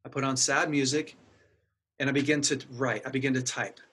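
A man's voice: medium pitch, steady tone, fairly quick, fairly bright tone, slightly rough. A middle-aged man earnestly telling a personal story in casual conversation, acting out his own inner dialogue. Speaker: guest sharing a personal story.

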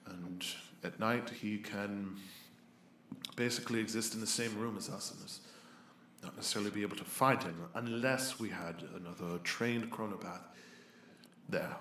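A man's voice: fairly low pitch, normal speed, a bit bright, echoey room, slight background noise, voice pushed down, close to an everyday voice. A man voicing a stern, formal older male elder of a mages' college who lectures and scolds. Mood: grave.

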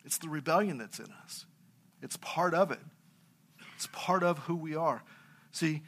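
Middle aged guy preaching, funny story-telling sermon, kinda high bright voice. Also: a little slow, pauses often. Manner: anecdotal, humorous storytelling. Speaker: pastor.

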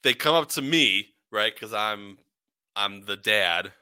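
A man's voice: on the low side, expressive, takes it slowly, sharp tone, clear, resonant tone, no echo. A man in his forties co-hosting a podcast, giving dry, wry complaints in casual chat. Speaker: podcast co-host.

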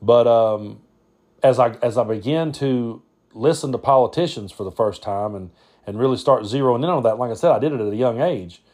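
A man's voice: medium pitch, normal speed, darkish tone. A middle-aged man with a Tennessee drawl tells a story from his own life on a podcast. He talks folksy and plain, circling back and restarting his sentences, and now and then he swears. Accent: Southern US, Tennessee. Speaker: podcast host. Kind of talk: personal storytelling monologue.

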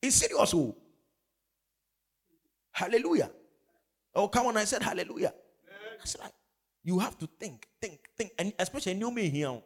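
A man preaching a sermon, emphatic, with call-and-response questions. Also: on the high side. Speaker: pastor.

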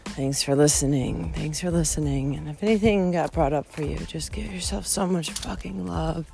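Candid swearing woman, gravelly voice. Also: deep voice, normal speed, music in the background. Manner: candid and emotional, swears often, many fillers. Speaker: podcast host hiking a long-distance trail. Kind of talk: casual personal monologue.

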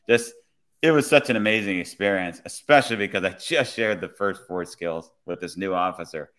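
A man, a police officer, telling a work story in a relaxed, conversational way. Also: lowish voice, normal speed. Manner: relaxed, conversational, many "I was like" retellings. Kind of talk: casual storytelling.

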